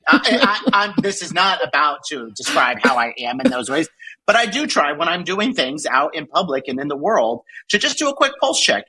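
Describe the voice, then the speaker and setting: A woman in her forties hosts a casual podcast chat with a husky, breathy edge to her voice. Her pitch swings widely as she rants with profanity and laughter. Her tone is bright and forceful. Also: rough recording. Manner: animated, profane ranting with frequent laughs. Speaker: podcast host.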